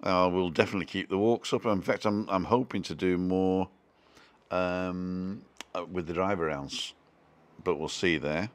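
Guy with a really low voice, chatty live stream from home, pokes fun at himself. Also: fairly even intonation, a little slow. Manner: chatty and self-deprecating, reading out viewer comments. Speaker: vlogger hosting a live stream. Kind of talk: casual live-stream chat.

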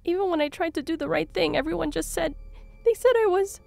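A man's voice: very high-pitched, moderate pace, no room sound, soft background music, pitched above the performer's own voice. A man voicing a timid, tired teenage girl. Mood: upset. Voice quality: soft, breaking voice. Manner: hesitant, apologetic. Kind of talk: audiobook character voice.

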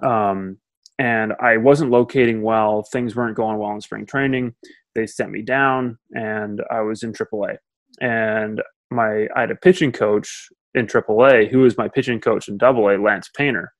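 A man from Canada answering interview questions in an easygoing, measured way. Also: on the low side, fairly even intonation, no room sound. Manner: easygoing, measured, frequent fillers. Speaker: professional baseball pitcher, guest.

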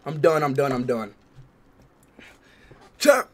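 A young man livestreaming who talks loudly and excitedly to his chat and repeats himself. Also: medium pitch, slow, slight background noise. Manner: loud, excitable, repetitive. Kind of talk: live stream chat.

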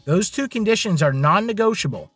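Fiery young rich woman snapping back, pitched up high, as a guy puts her on. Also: lively intonation, brisk, a bit bright, husky, no echo, faint music behind, exaggerated voice. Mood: firm. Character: angry proud young woman heiress.

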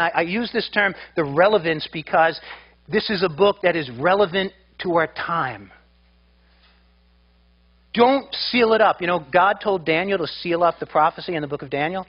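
A man's voice: high voice, lo-fi sound. A man preaching a sermon as pastor, emphatic and often repeating his words as he builds a point.

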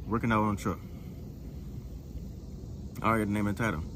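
A man's voice: on the low side, fairly even intonation, quick pace, noisy background. Breathless young man vlogging his workout. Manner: slangy, rambling, laughs at himself. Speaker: truck driver vlogger. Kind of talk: casual workout vlog chat. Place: outdoors in a truck parking lot.

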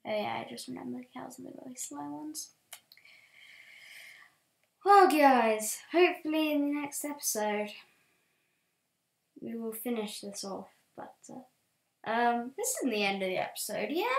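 Excitable woman narrating gameplay, roomy echo. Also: a little high, creaky. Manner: excitable, swings from quiet muttering to loud shouts. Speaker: let's play host. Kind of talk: gameplay commentary.

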